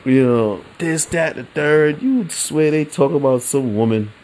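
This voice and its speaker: A man hosting a casual solo sports podcast, rambling in a relaxed, slangy way and laughing often. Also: mid-range voice, measured pace, few pauses, slight background noise. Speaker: podcast host.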